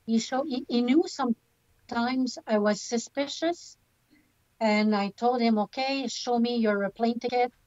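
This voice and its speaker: An older woman telling her story in an interview, hesitant and full of pauses. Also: fairly high pitch, a little mellow. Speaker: scam victim interviewee. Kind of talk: slow halting interview testimony. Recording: dull documentary clip with music.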